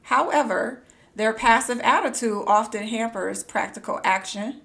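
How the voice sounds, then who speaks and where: A woman streaming a game live, reading on-screen text aloud and breaking into excited squeals. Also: on the high side, unhurried, gravelly. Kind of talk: live gameplay commentary.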